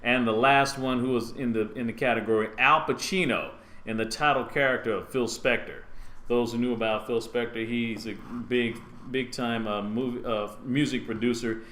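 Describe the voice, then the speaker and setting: A man's voice: medium pitch, normal speed, fairly bright tone, echoey room. Rambling male talk radio host. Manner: rambling, hesitant with many uhs. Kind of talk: casual talk radio chat.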